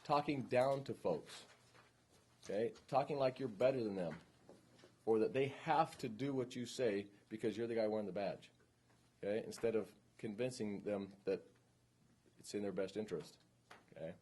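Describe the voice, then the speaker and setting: A police instructor talks a classroom of trainees through an incident in a casual, conversational way. His voice sits low and mellow, with a husky edge. He keeps checking that they follow him. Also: moderate pace, pauses often. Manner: informal, checks in often with "okay?" and "right?".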